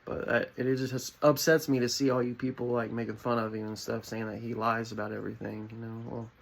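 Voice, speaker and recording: A young adult man giving a rambling, deadpan comedic monologue to his viewers. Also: mid-range voice, a little fast, gravelly. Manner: rambling, deadpan, with many fillers. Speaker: vlogger.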